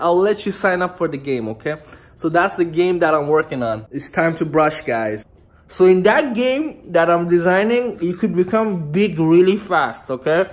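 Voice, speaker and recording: A young man from Iran, talking to camera in a loose, rambling vlog and often laughing. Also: sits high. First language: Farsi. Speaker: vlogger. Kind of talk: casual rambling monologue to camera.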